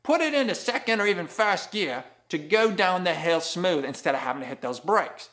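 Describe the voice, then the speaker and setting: A man's voice: high-pitched, expressive, normal speed, fairly bright tone. A man with an Appalachian accent giving a jokey driving-conditions vlog from his car, sprinkling in mock Aussie slang. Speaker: vlogger giving road reports.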